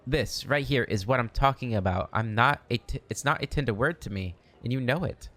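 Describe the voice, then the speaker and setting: A man reading aloud as a hurt, proud female half-elf companion, using his own low voice. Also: a little fast, fairly bright tone, lightly acted. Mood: reproachful.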